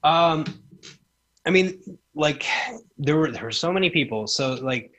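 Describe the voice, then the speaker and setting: Man, 30s, podcast guest: bright voice, animated storyteller who acts out the quotes. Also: fairly high pitch, a little slow. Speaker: podcast guest, former wrestling promoter. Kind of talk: casual storytelling chat.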